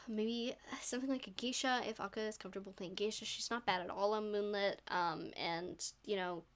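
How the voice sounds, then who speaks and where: A young woman is casting an esports match live on her own, talking in a chatty, bubbly way and laughing at herself. Her voice sits in a middle pitch for a woman. She mixes quick explanations of the picks with cheerful asides. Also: steady tone. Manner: chatty, bubbly, self-deprecating, laughs often. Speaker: esports commentator. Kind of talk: solo live esports commentary.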